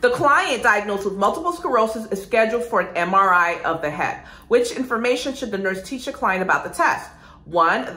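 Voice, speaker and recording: Energetic and direct, a female nursing instructor runs an exam-prep lecture, addressing the class as "guys" and asking and answering her own questions. Her mid-range voice carries in an echoey room.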